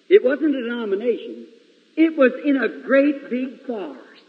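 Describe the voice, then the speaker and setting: A man preaching a sermon in a large church, storytelling dramatically with sudden swings between loud and hushed delivery. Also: very high-pitched, big pitch swings, moderate pace, breathy edge. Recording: lo-fi 1950s reel recording, long hall reverb.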